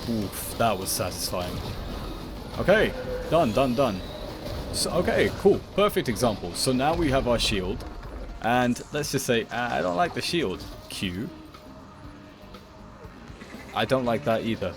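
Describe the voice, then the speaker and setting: A man's voice: mid-range voice, sing-song, unhurried, pauses often. A man giving playful commentary over his video game play, rambling and jokingly dramatic. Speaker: gaming video creator. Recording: voice over loud game music.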